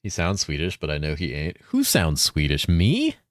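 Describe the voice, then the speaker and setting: At a moderate pace, a low-voiced man from California streams a game, his pitch swooping wildly. He's laid-back and chatty with viewers, reading chat aloud, swearing often and saying "dude" constantly. Audio is studio quality with no echo.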